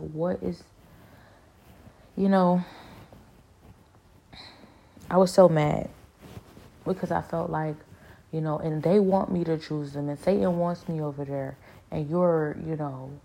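A woman speaks in a low, flat, gravelly voice with a dark, mellow tone. She tells a personal spiritual story earnestly, stopping and restarting her sentences and leaning on fillers as she thinks aloud. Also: slow, pauses often. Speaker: speaker sharing a spiritual experience. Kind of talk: personal testimony, casual monologue.

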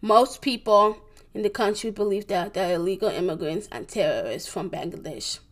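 A young woman giving a presentation, reading from her notes haltingly, with many restarts, corrections and fillers. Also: medium pitch. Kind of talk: reading a school presentation on world events.

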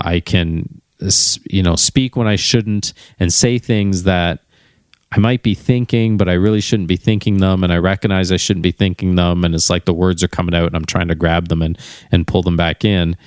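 Deep-voiced middle-aged man musing candidly. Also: smooth, dry recording, studio quality. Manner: candid, musing, searching for words. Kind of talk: reflective personal monologue.

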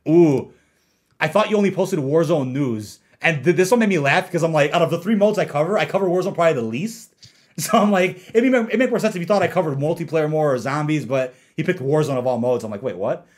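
A man's voice: a little high, fast. A young man casually ranting and reading out viewer comments on a gaming livestream, laid-back and laughing often.

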